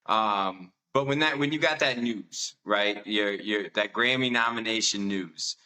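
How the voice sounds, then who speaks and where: A man's voice: fairly low pitch, unhurried, pushed and bright, poor audio. A man hosting an interview, affirming his guest and asking long, rambling questions. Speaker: interview host. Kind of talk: interview conversation.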